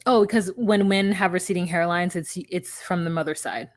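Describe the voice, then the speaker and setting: A woman's voice: fairly low pitch, moderate pace, no room sound. Blunt, swearing woman podcast co-host. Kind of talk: casual chat.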